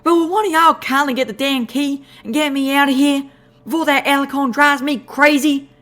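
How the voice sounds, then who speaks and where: A man voicing a male pony whose voice has gone high and squeaky, talking in a gruff country drawl. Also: fairly even intonation, normal speed, pushed and bright. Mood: grumbling. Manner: gruff, grumbling, folksy drawl. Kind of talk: audiobook character voice.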